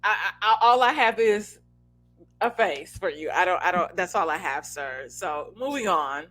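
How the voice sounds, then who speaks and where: A woman's voice: fairly low pitch, lively intonation, moderate pace, fairly bright tone. A woman in her thirties co-hosting a casual podcast, joking and laughing often as she talks. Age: 30s. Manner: laughs often, playful and self-mocking. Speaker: podcast co-host.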